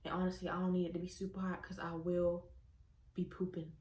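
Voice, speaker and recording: Chatty low-voiced woman vlogging. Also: brisk. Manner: chatty and expressive, talking while eating. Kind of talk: casual mukbang chat. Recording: echoey room.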